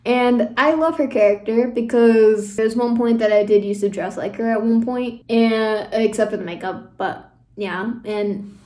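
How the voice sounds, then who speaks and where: Casting note: young woman, slightly high voice, rambling fan chatter, roomy echo. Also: steady tone, unhurried, dark tone. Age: young adult. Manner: rambling and emotional, with frequent fillers and laughs. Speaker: YouTuber. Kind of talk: casual fan commentary. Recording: echoey room.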